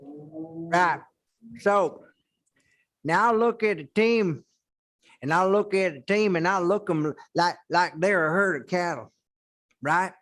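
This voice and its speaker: Man as a drawling coach, slow, high-ish. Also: fairly bright tone, heavily acted. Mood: folksy. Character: clueless male Texas football coach.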